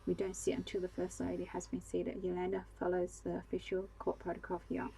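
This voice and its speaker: A woman's voice: lowish voice, monotone, brisk, vocal fry, mellow, low-quality recording. A woman reading as a formal Scandinavian man.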